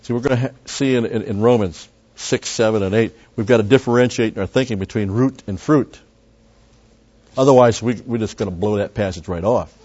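Low-voiced man teaching verse by verse. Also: brisk, a little mellow. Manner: conversational, with frequent asides and restarts; emphatic on key words. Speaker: Bible teacher. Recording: dull lo-fi recording.

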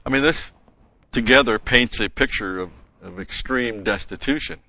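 A man teaching a verse-by-verse Bible lesson, methodical, explaining grammar and pausing with "okay?" and "uh". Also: medium pitch, bright, forceful tone, no echo, highs cut off.

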